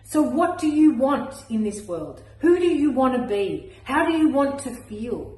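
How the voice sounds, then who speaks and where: A woman's voice: sits high, very animated, a little slow, darkish tone. Earnest encouraging woman in an echoey room. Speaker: mindset coach. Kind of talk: motivational message to camera.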